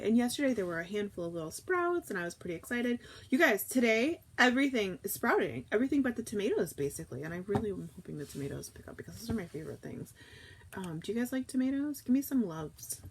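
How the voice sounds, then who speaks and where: A chatty woman rambles through a relaxed live stream and calls out her viewers by name. Her voice sits at an ordinary middle pitch. Faint ambient noise hums behind her, picked up by an old tablet inside a small camper. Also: creaky. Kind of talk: casual live-stream chat. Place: camper in a backyard.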